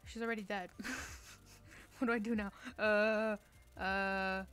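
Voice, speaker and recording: Streaming a game from her bedroom, a woman chats playfully, pleading in mock-dramatic fashion and cracking jokes. Her voice is a little high and a bit fast, with fairly even intonation.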